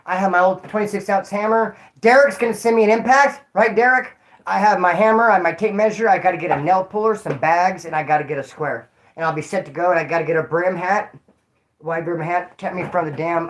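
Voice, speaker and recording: A man from California hosting his own channel, chatting casually in rambling street slang with loud shout-outs to viewers. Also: sits high. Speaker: YouTube channel host. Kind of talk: casual livestream chat.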